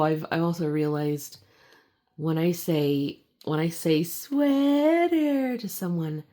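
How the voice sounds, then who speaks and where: A young woman talking in a casual personal vlog, giggly and halting, full of fillers and restarts. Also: creaky, warm tone. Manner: slips into a squealing high voice when acting out her younger self. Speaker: vlogger.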